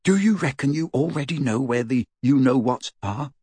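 A man's voice: mid-range voice, lively intonation, normal speed, a little mellow, breathy edge, no room sound. A man voicing a loyal teenage boy who talks in a blunt, chummy way, part of a storybook audiobook. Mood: eager.

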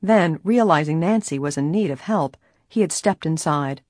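A woman narrating an audiobook in a steady, even storytelling manner. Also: sits low, moderate pace, no echo, clean studio sound. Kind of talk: scripted narration.

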